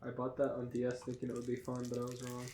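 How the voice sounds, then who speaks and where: A man co-hosting a casual podcast, talking in a dry, understated, low-key way. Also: monotone, quick pace, warm tone, a little hiss or hum. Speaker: podcast co-host.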